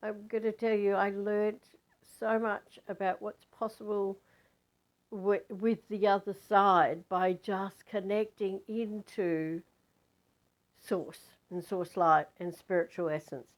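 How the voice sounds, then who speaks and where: A woman's voice: medium pitch, steady tone, slow pace. A woman telling a spiritual story in a chatty, rambling way, with many fillers and restarts.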